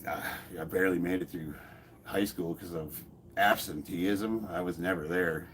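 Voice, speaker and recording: Man in his 40s, low-ish voice, blunt and jokey, casual garage-gym chat, faint room hum behind. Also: normal speed. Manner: blunt, joking, laughs often, swears freely. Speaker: fitness YouTuber. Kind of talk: casual chat while lifting in a garage, reading comments aloud.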